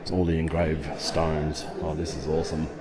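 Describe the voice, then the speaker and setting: Travel vlogger, man, low voice, eager and exclaiming, recorded on a camera mic among crowds. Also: little pitch movement, normal speed, a loud crowd. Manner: enthusiastic, exclaims often. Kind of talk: walking tour narration. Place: outdoor archaeological site with crowds.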